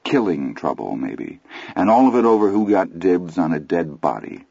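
A man narrates a first-person story in a measured, grave way. His voice is deep and husky, and the slightly muffled recording is dry and close. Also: sing-song, a little mellow, no room sound. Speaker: audiobook narrator.

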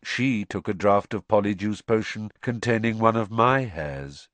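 A man doing a dazed young man in flat monotone. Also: lowish voice, measured pace, no echo, natural voice. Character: young man under truth potion, dazed and hollow.

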